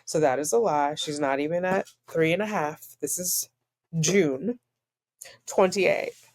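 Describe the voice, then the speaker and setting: A woman's voice: low-pitched, measured pace, a little mellow. A woman reading court filings aloud and breaking off into dry, sarcastic commentary. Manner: sarcastic, dryly incredulous asides. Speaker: online commentator.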